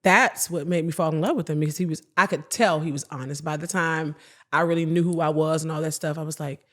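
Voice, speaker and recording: A woman's voice: low voice, steady tone, fast, fairly bright tone. Playful, candid woman on a podcast. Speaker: guest singer. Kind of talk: casual interview chat.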